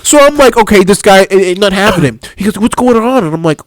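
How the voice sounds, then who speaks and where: A young adult man co-hosting a casual comedy podcast, telling stories with loud laughing outbursts and a lot of swearing. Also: high voice, animated, fast, no room sound. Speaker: podcast co-host.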